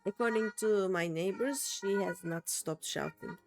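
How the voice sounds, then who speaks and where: A woman's voice: medium pitch, a little slow, vocal fry, faint music behind. A tired, yawning woman streaming a game from home, chatting in a rambling way with fillers. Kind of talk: casual game-stream commentary.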